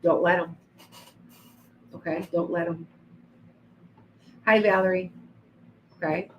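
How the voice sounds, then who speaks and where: A woman's voice: on the low side, steady tone, takes it slowly, muffled recording, slight background noise. A woman doing psychic readings on a livestream, chatting to viewers by name with frequent restarts. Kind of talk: live-stream reading and chat.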